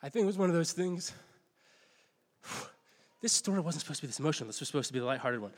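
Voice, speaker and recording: Fast and with lively intonation, a middle-aged male pastor delivers a sermon as meandering, conversational storytelling full of restarts and self-deprecating remarks. His pitch runs a bit high for a man. Long reverb lingers after each phrase, like preaching in a church hall.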